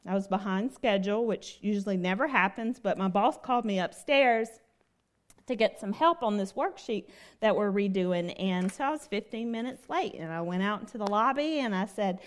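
Giving a devotional talk as a lay speaker, a woman relates a personal story, drives her points home by repeating them, and asks her listeners questions. She speaks at a moderate pace in a medium-pitched, expressive voice.

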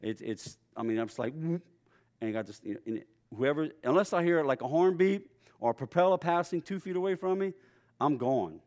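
A middle-aged man preaching in a relaxed, conversational way. His slightly raised voice swings between loud and quiet as he tells stories. It sounds like a casual sermon. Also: a little high, brisk. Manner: storytelling, conversational, lively voice swings. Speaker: pastor.

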